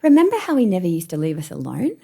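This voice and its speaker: A woman voicing a man she knew at school, relaying his casual, offhand remarks in her own lively voice. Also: fairly low pitch, fast talker, vocal fry, breathy edge, full character voice. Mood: chatty. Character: man, old schoolmate, friendly and blunt.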